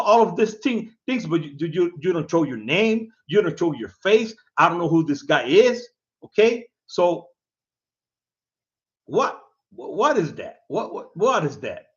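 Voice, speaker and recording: A man with a high, lively voice that swings all over as he taunts and ribs someone to camera. He laughs a lot, repeats phrases and tags "man" onto everything. The sound is dull and lo-fi. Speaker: video host. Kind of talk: casual mocking rant to camera.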